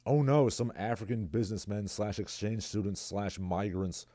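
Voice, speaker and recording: A man's voice: on the low side, normal speed, dark tone, dry recording, clean studio sound. A man hosting his own livestream, talking alone in a sarcastic, rambling way and reading out viewers' chat messages. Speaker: livestream host. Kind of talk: casual solo commentary.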